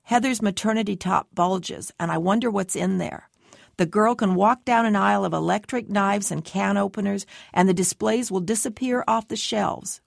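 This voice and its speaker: A woman's voice: medium pitch, normal speed, gravelly, no room sound, studio quality. A woman reading a first-person novel aloud, giving the dialogue light character shading. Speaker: audiobook narrator.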